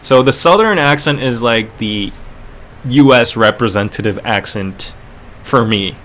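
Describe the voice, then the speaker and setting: A man's voice: medium pitch, expressive, unhurried, fairly bright tone, slight background noise. A man hosting a casual livestream podcast with a North American accent, rambling and chatty with lots of fillers. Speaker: podcast host.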